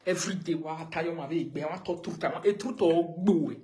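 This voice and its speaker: A woman with a Nigerian accent rants confrontationally on a live video, scolding someone by firing the same pointed questions over and over. Her voice is low, brisk, and mellow.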